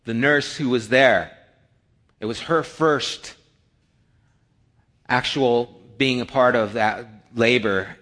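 A middle-aged male pastor preaching a sermon, telling personal stories and acting out the dialogue with rising excitement. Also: medium pitch.

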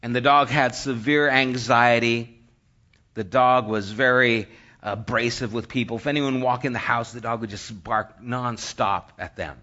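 Brief: male preacher, bright edgy tone, animated storytelling, dull lo-fi sound. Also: medium pitch, measured pace. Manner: animated storyteller, acts out scenes, drops to hushed near-whisper. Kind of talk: sermon storytelling.

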